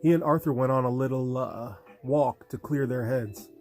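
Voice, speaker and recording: A man's voice: medium pitch, normal speed, darkish tone, faint music behind, lightly acted. A male audiobook reader voicing a doting, fussing middle-aged mother. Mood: fond.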